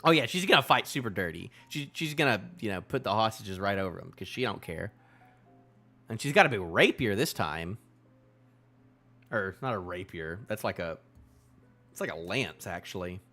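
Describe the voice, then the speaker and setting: Goofy, animated man live-reacting. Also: sits low, normal speed, long pauses, soft background music. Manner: goofy and animated, laughs often. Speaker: streamer. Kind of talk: live comic reading reaction.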